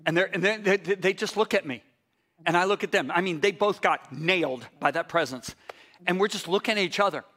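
High, bright-voiced pastor telling a story. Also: male voice, fairly quick. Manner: animated, swings from excited outbursts to hushed tones; repeats words and restarts when worked up. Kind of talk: sermon storytelling.

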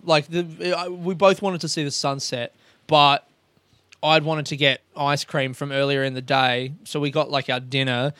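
Rambling, swearing comic. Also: male voice, a little high, little pitch movement, normal speed, bright, forceful tone, no room sound. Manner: rambling, self-mocking, swears a lot, acts out dialogue. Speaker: stand-up comedian, podcast host. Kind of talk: casual storytelling monologue.

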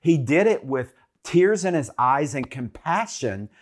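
A man's voice: on the high side, very animated, a little slow. Earnest man co-hosting a faith show. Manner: earnest, encouraging, preacherly. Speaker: co-host of a Christian talk show. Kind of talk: faith talk show chat.

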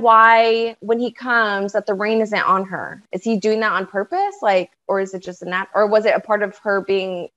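A woman's voice: mid-range voice, steady tone, normal speed, few pauses, a bit bright. Upbeat woman hosting a podcast, slightly dull. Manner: upbeat, laughs easily, leads the segments. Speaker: podcast co-host. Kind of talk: casual movie discussion.

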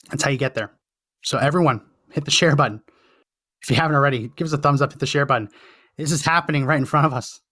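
A man's voice: mid-range voice, a bit bright, dry recording, studio quality. A man hosting a political commentary show, talking in an impassioned, emphatic way and repeating phrases for effect. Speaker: podcast host.

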